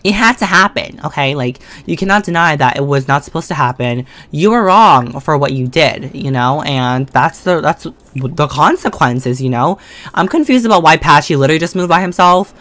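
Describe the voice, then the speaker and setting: A woman giving casual, slangy commentary while playing a life-simulation game, chatting to the characters on screen and breaking into excited or mock-scared outbursts. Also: low voice, normal speed. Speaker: gaming video creator. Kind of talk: casual let's-play commentary. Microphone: desk condenser mic.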